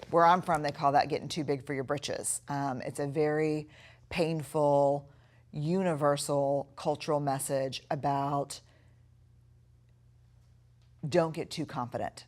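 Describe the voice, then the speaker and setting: A middle-aged woman giving a recorded video lesson, talking earnestly and reflectively, slowing down to stress key words. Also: low voice, steady tone. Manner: earnest, reflective, with slow emphatic stretches. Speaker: course instructor.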